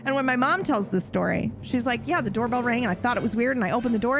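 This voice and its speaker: A young woman telling a story in a casual, animated way, swearing and acting out voices. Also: quick pace, hardly any pauses. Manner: animated, swearing, acts out voices with high yelps. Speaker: streamer.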